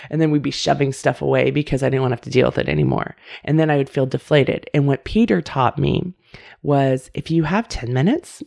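A woman's voice: deep voice, vocal fry, a little mellow. A middle-aged woman hosting a self-help podcast, talking casually and candidly straight to her listeners. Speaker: podcast host.

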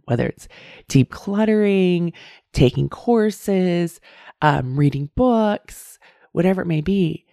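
A woman hosts her own podcast and talks to the listener one to one, calling them her friend as she reflects. Her voice is mellow with a gravelly edge. The recording is close and dry, with little room sound. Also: lowish voice, expressive, unhurried, no room sound. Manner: warm direct address, calls listener "my friend". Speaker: podcast host. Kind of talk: reflective solo podcast talk.

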